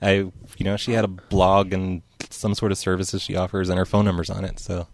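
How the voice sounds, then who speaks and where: A man's voice: low-pitched, flat delivery, fairly quick, a little hiss or hum. A man hosting a prank call show, chatting casually with friends and laughing often between calls. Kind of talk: casual chat and prank calling.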